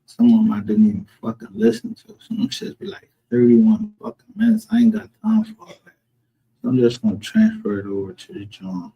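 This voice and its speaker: A man's voice: mid-range voice, very animated, brisk, vocal fry, husky, lo-fi sound. A man ranting in a casual livestream commentary, profane, heated and rambling as he calls people out. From northern United States. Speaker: streamer. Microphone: home streaming setup.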